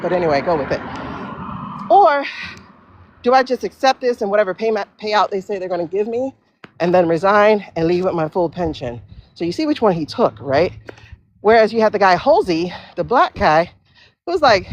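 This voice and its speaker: A woman hosting a casual livestream while walking outdoors, talking in an animated, profane way with quick asides. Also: mid-range voice, slight background noise. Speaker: livestream host. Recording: dull lo-fi livestream audio.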